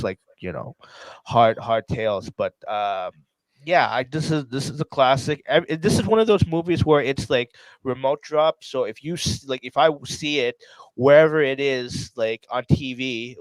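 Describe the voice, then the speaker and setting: A man's voice: medium pitch, no room sound, low-quality recording. Rambling male podcast co-host. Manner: rambling, many fillers like "like" and "you know". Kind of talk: casual chat.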